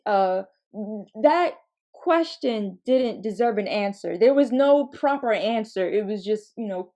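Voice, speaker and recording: A woman in her twenties hosting a podcast, telling comedic stories in a casual, animated way, laughing and swearing freely. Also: on the high side, a little slow. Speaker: podcast host.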